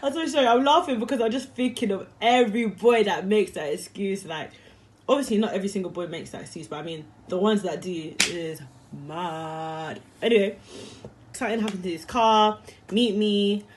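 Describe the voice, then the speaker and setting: A woman's voice: mid-range voice, moderate pace, slight background noise. A young woman telling a story to camera in a rambling, slangy, chatty way and laughing easily. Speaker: vlogger.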